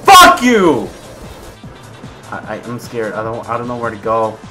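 A young man giving gameplay commentary, swearing, swinging between low mutters and raging shouts. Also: level tone, brisk, faint music behind. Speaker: gaming video creator.

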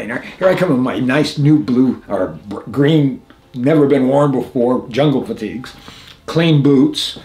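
An older man, a veteran being interviewed, telling stories animatedly, acting out the lines of others and laughing often. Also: mid-range voice. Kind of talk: storytelling interview.

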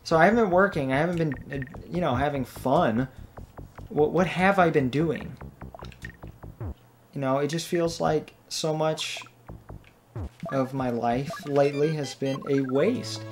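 A man's voice: fairly high pitch, measured pace, long pauses, soft background music. A married man, a let's play gamer, rambling and venting about his frustrations while playing, rattled and a bit self-deprecating. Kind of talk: venting commentary while gaming.

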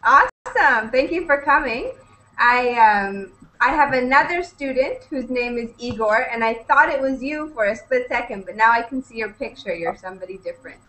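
Cheerful high-voiced woman teacher. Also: expressive, moderate pace, bright, forceful tone, a little hiss or hum, poor audio. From British Columbia, Canada. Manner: cheerful and welcoming, greets each student in turn. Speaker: online English conversation teacher. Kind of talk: upbeat online class chat.

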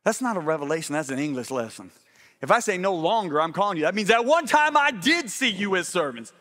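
A middle-aged man preaching a sermon, animated and often asking the congregation if they follow him. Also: high voice, fairly quick.

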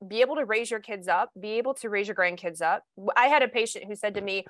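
A woman's voice: medium pitch, brisk, hardly any pauses. A woman host talks earnestly and with animation, her voice sitting in a middle register. The sound is dry and close-miked, with no room echo. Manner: earnest, animated, acts out quoted patients. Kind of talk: casual interview talk.

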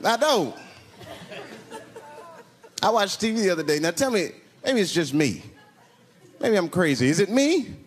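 A man doing a brash, profane stand-up comedy routine with animated storytelling. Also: high voice, measured pace, pauses often, slightly rough. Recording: live show with loud audience laughter. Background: loud crowd laughter and noise.

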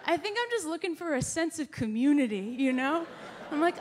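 A woman with a high voice does stand-up on a theater stage. Her delivery is wry and self-deprecating, with a faint room hum behind her. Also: animated, fairly quick. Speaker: stand-up comedian. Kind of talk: stand-up set. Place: theater stage before a live audience.

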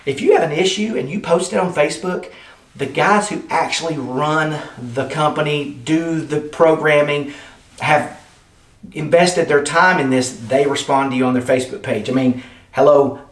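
An enthusiastic man rambles through a casual unboxing, chatting to his viewers like friends. His voice sits a little high for a man. He stands back from the mic in an echoey indoor room. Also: normal speed, recorded from a distance. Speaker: product reviewer. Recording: roomy sound, off-mic.

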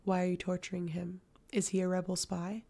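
A woman voicing a fierce, cold witch wing leader in an audiobook, demanding answers in clipped questions with a gravelly voice. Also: medium pitch, steady tone, moderate pace, a little mellow, close to an everyday voice.

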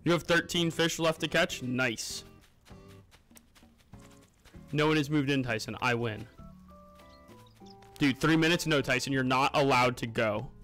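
A man's voice: medium pitch, unhurried, long pauses, a bit bright. A young man streaming a game live, chatting casually and greeting viewers by name as he plays and eats. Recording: music playing underneath.

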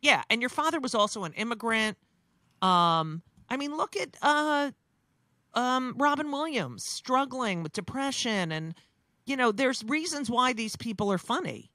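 A woman's voice: on the high side, big pitch swings, measured pace, sharp tone, no echo, studio quality. A woman, a comedian talking bluntly and profanely in casual chat, with many restarts. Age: 60s. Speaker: comedian guest.

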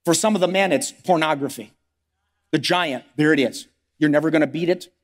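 A man's voice: on the high side, fairly quick, long reverb tail. A man preaching a sermon as pastor, firing off rhetorical questions and acting out the voices of struggling believers. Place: church sanctuary.

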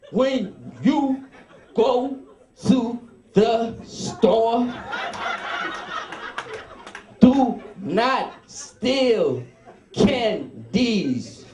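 A man voicing a stern middle-aged West Indian mother who scolds in a slow, drawn-out way, hammering each word. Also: very high-pitched, warm tone, echoey room, voice pushed up, exaggerated voice.

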